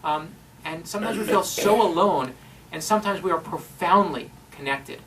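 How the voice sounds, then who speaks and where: A man's voice: on the high side, moderate pace, fairly bright tone. A middle-aged man giving a heartfelt storytelling speech to an audience, earnest and emotional. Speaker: speaker at an event. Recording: distant mic in a room with faint noise.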